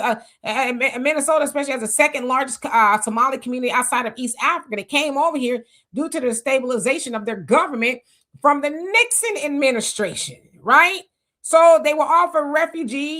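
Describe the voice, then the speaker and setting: A woman's voice: high-pitched, bright, forceful tone. A woman in her fifties hosting a live stream, talking to viewers in a loose, conversational way with fillers and restarts. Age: 50s. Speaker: livestream host. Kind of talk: casual live talk to viewers.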